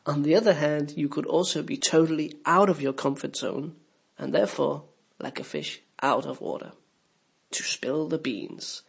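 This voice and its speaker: Gravelly-voiced man teaching English. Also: fairly high pitch, moderate pace. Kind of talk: scripted lesson narration.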